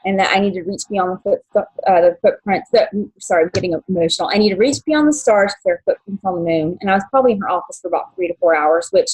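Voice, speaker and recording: A young adult woman telling her life story as an interview guest, halting, with many fillers and restarts, at times emotional. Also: medium pitch, darkish tone, slightly rough, poor audio. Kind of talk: personal story in podcast interview.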